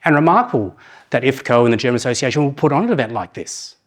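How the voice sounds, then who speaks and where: A middle-aged man giving a conference talk, asking the audience questions and slowing down to read proverbs aloud. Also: medium pitch, sing-song. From New Zealand. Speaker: conference speaker.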